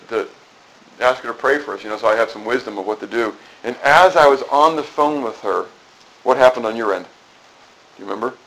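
A middle-aged male pastor preaching in a relaxed, conversational way. He keeps asking the congregation questions and circles back over his own phrases with restarts, and his voice sits at a middling pitch for a man. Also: low-quality recording. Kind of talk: sermon.

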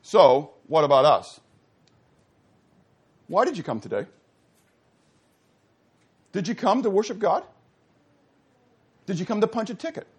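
A man's voice: high voice, big pitch swings, a little slow, long pauses, darkish tone, breathy edge. A male pastor preaching a sermon, asking rhetorical questions and restarting phrases with stammers.

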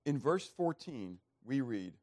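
A man preaching a sermon, reading scripture and throwing questions back to the congregation, with sharp swings between loud and soft. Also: medium pitch, sing-song, slow pace. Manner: call-and-response questions, emphatic swings in loudness. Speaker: pastor.

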